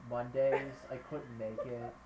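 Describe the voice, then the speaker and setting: A man's voice: mid-range voice, flat delivery, measured pace, very noisy. A man who is a regular guest on the podcast, chatting casually and blurting out random remarks. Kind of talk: casual chat over beers.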